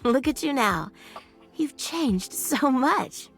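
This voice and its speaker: A woman's voice: high-pitched, animated, slow, slightly rough, faint music behind, heavily acted. A woman voicing a doting, motherly household bed who talks in a fond, teasing way. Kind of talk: video game voice acting.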